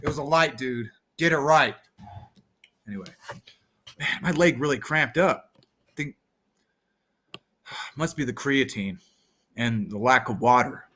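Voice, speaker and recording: A man vlogging and rambling through silly off-the-cuff freestyle raps, bursting into shouts now and then. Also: mid-range voice, unhurried, pauses often, slight background noise.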